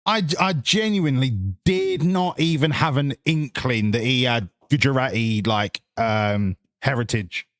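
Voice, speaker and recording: A man's voice: medium pitch, a little slow, dry recording. A man streaming a driving game, talking sarcastically to the game and swearing freely as he plays. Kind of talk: casual gaming commentary.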